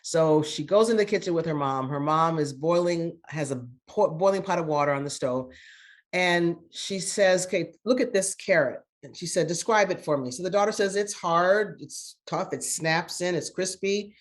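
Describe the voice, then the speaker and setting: A woman's voice: low-pitched, moderate pace. A grandmother guest in an interview, telling a story in an earnest, motivational way with repeated words for emphasis. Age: older.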